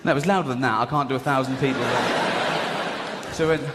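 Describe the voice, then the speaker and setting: A man with a mid-range voice delivers a quick-paced stand-up story in a large hall in front of a live audience, and the recording is very noisy. Animated and often laughing, he performs the voices of everyone in the tale.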